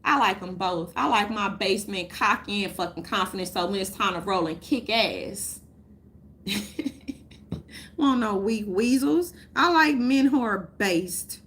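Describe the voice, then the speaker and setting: A woman, ranting loudly and profanely to her viewers, laughing often. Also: medium pitch, animated, a little slow, slight background noise. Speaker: vlogger. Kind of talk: unscripted rant to camera.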